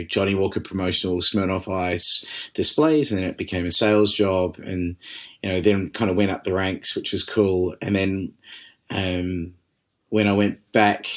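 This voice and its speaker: A man from New Zealand with a New Zealand accent, an interview guest telling stories in a relaxed, laughing, rambling way. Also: low-pitched. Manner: lively, laughing, rambling with restarts and swearing. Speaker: interview guest, distillery managing director. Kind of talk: casual storytelling conversation.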